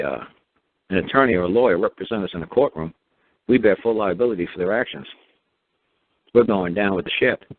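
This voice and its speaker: Deep-voiced sarcastic man on a phone line. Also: dry recording. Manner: sarcastic, mocking; meandering, with frequent repeats and fillers. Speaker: talk show host. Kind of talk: rambling monologue. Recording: narrow phone-like sound, dry.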